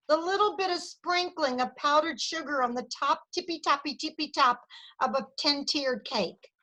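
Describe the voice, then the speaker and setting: Bright high-voiced woman cheering her team. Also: rough recording. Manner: enthusiastic, cheering, Southern "y'all". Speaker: sales director leading a team meeting. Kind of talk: energetic team meeting pep talk. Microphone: video call.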